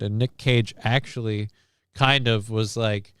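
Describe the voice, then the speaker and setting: A man's voice: on the low side, steady tone, measured pace, a bit bright, clear, resonant tone, no room sound, studio quality. A man hosting a casual livestream chat, rambling and often repeating and restarting his words. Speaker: streamer host.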